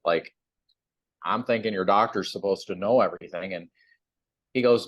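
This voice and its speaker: A man's voice: sits low, brisk, no room sound, highs cut off. A man, a chiropractor guest on a sponsored TV segment, chatting casually and acting out the voices in his own story. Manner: animated storyteller, acts out quotes.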